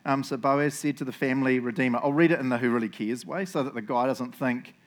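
A man's voice: medium pitch, quick pace. A man giving a casual, playful Bible talk, joking and chatting with his listeners. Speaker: preacher.

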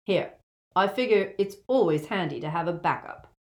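A woman's voice: fairly low pitch, expressive, moderate pace, a little mellow, close to an everyday voice. A woman voicing an awkward, easygoing teenage wizard who gives offhand, sheepish replies.

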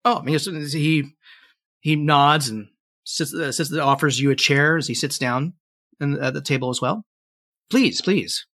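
Male game master narrating a fantasy session, unhurried, dry close sound. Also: a little high, dry recording. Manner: relaxed storytelling with frequent fillers.

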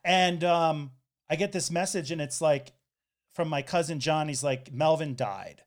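A man with a fairly high voice hosts a casual podcast chat. He tells hard personal stories candidly and wryly. He slips into quoted voices along the way. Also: measured pace. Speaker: podcast host.

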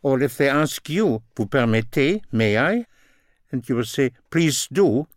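A man teaching a recorded language lesson, slowly repeating each phrase and its translation. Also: mid-range voice, animated, no room sound, studio quality. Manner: slow, deliberate, repeats phrases in two languages.

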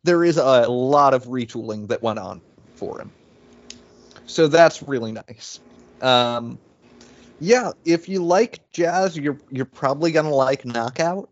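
A man co-hosting a casual podcast chat, easygoing and self-deprecating, with halting restarts. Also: mid-range voice, muffled recording. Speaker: podcast co-host. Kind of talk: casual chat about toy purchases.

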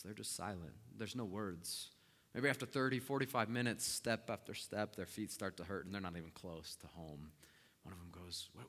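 A male pastor with a lowish, bright, forceful voice retells a story in a sermon. He swings animatedly between soft, slow lines and loud, emphatic ones, and a long hall reverb trails each phrase.

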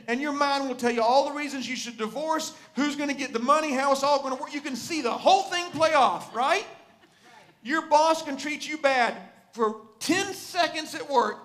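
A man's voice: very high voice, fairly bright tone. A man preaching a sermon to a live congregation, conversational and full of questions to his listeners. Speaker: pastor. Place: church sanctuary before a congregation.

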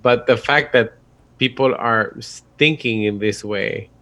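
A man's voice: mid-range voice, unhurried, fairly bright tone. Give me an earnest man co-hosting a movie podcast, carefully building his argument. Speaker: podcast co-host. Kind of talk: casual film discussion.

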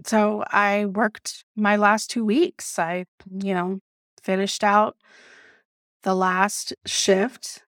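A woman's voice: medium pitch, no room sound. Podcast host, woman, emphatic storyteller, swears, dry close sound. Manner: animated and emphatic, swears freely, addresses listeners as "y'all". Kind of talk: casual storytelling monologue.

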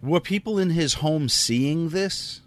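A man's voice: on the high side, expressive, slow. A man hosting a podcast, asking questions in a casual, probing way. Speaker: podcast host. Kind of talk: interview questions.

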